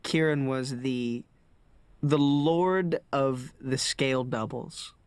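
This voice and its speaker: A man's voice: medium pitch, takes it slowly, clear, resonant tone, no room sound. A man actor in a documentary interview, talking enthusiastically about his co-workers.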